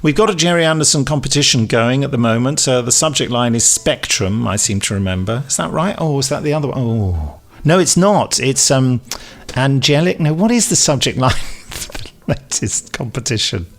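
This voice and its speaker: Guy cohosting a chatty podcast, reading emails out and joking at himself, mid pitch. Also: expressive, moderate pace. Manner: chatty and self-mocking, laughs at his own slips. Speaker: podcast co-host. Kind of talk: casual chat reading listener emails.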